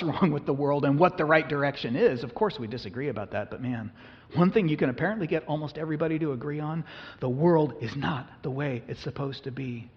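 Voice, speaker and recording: A man preaching a sermon as a pastor, earnest and emphatic, his voice rising suddenly to loud peaks. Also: a little high. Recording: muffled, reverberant hall recording.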